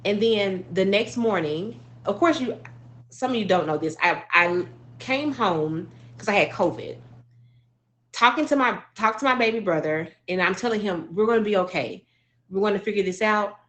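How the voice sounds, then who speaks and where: Woman from Arkansas, mid-pitched, emotional and earnest storyteller, loose and filler-heavy. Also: lively intonation, normal speed, fairly bright tone. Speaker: speaker sharing a personal story. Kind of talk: heartfelt personal storytelling.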